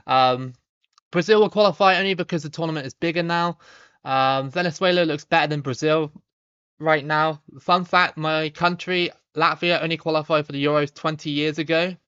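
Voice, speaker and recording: A man's voice: on the high side, normal speed, clean tone. Chatty Somerset man streaming, lo-fi sound. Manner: relaxed, chatty, frequent ums and repeated starts, laughs easily. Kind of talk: casual live-stream chat reading viewer comments.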